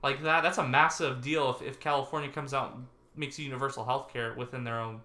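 A man's voice: medium pitch, flat delivery, a little fast, pushed and bright. A man co-hosting a podcast, chatting casually and rambling with restarts. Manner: rambling, restarts, laughs at own jokes. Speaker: podcast co-host. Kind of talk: casual political chat. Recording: echoey room.

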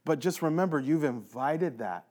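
A church leader talks earnestly and emphatically in a casual conversation about faith, repeating phrases for stress. His voice is a little high and slightly mellow, animated, at a normal speed.

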